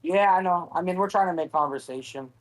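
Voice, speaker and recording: Casual male guest, rambling delivery, slightly high-pitched. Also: fairly quick, low-quality recording. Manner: rambling, lots of fillers. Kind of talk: casual chat.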